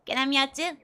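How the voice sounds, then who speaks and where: Young woman, VTuber streamer, fairly high voice, giggly and chatty. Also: sharp tone. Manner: giggly, laughs often between remarks. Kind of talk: casual let's-play chat with viewers.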